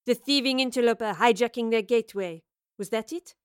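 Woman reading cold, mocking otherworldly villainess, high voice. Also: brisk, clear, resonant tone, no room sound, studio quality, natural voice. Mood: sneering. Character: sneering woman from another world.

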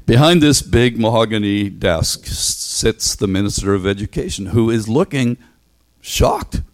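A man giving a sermon in a relaxed, anecdotal storytelling manner that closes in prayer. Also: on the low side, normal speed. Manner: conversational, anecdotal, acts out voices in stories. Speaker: preacher.

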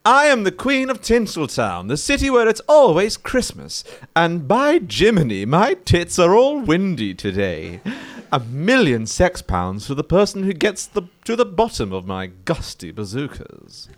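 A man voicing a brash, bawdy pantomime queen with loud, hammy proclamations in a comedy sketch. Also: high-pitched, huge pitch swings, measured pace, full character voice.

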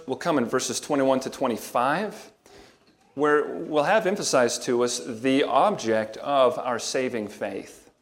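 A man preaching a sermon, reading scripture aloud, then explaining it in a measured, emphatic way with rhetorical questions. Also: medium pitch. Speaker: pastor.

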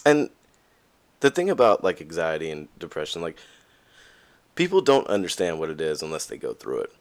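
A man's voice: low-pitched, wildly swooping pitch, normal speed. A young man hosting a podcast, talking candidly in a casual monologue and acting out the voices of people he quotes. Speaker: podcast host.

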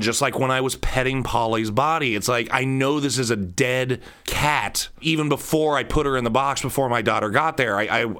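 A man in his thirties talks through a solo podcast episode. He is candid and rambling, circling back and repeating words as he goes. His voice sits at an ordinary middle pitch. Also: fairly bright tone. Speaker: podcast host.

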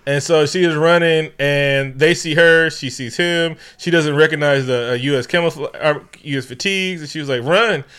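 A man's voice: a little high, moderate pace, few pauses, a bit bright, clear, resonant tone. A man co-hosting a podcast, retelling a movie as comedy, laughing often and acting out the characters in slangy voices. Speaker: podcast co-host. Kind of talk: casual comedic movie recap.

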